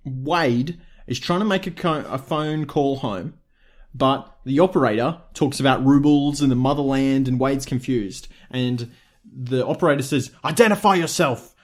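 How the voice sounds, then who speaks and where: A man's voice: medium pitch, a little slow. A man co-hosting a podcast, casually recapping a TV episode in a chatty storytelling manner. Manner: chatty, storytelling, argues playfully. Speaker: podcast co-host.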